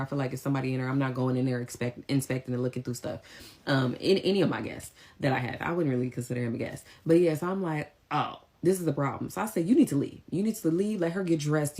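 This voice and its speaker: Deep-voiced woman telling an animated story. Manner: animated, slangy, emphatic. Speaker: vlogger. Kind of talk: casual storytelling.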